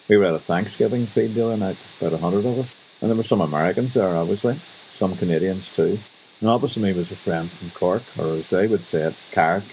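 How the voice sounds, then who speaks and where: A Northern Irish man rambles through a casual radio chat with dry humour. His voice sits very low with a gravelly fry and a dark, mellow colour. Faint hiss runs under the recording. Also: poor audio. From Northern Ireland. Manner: chatty, wry storytelling. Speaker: radio host. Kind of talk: casual monologue.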